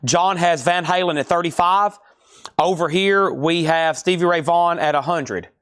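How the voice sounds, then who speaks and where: A man hosts a live vinyl auction stream, calling out prices and bidder names in quick succession and tossing chatty asides to his viewers. His voice sits a little high for a man. The sound is dry and close, with no room echo. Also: a bit bright, clear, resonant tone. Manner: rapid running price calls and bidder names. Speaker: live-stream record seller.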